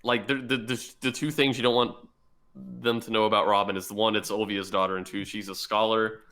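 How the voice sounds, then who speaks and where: A man's voice: lowish voice, a little fast. Man retelling a story with feeling. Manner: animated, emotional retelling, swears often. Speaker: podcast co-host. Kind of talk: casual chat about an anime.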